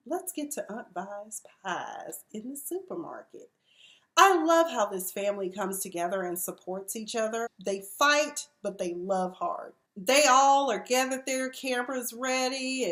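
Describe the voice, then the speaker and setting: A woman in her forties, emotional, recapping a TV episode in a chatty, expressive way with slang. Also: on the high side. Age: 40s. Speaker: TV review vlogger.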